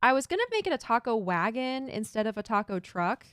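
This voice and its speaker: A woman's voice: fairly high pitch, sing-song, fairly quick, clear, resonant tone. A woman streaming a building game, chatting casually and thinking aloud while she builds and reads chat. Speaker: Minecraft streamer.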